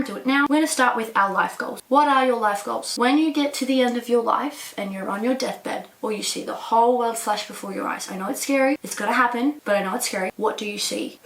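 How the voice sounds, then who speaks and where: A woman in her twenties giving an emphatic, energetic motivational talk to camera, coaching her viewers directly. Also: medium pitch. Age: 20s. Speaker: vlogger. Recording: roomy echo from a distance.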